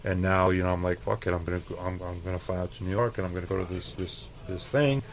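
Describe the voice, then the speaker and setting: A man's voice: low-pitched, fairly even intonation, fast talker, a little hiss or hum, low-quality recording. A man chef telling stories in a casual interview, loose and profane with lots of fillers. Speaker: chef guest.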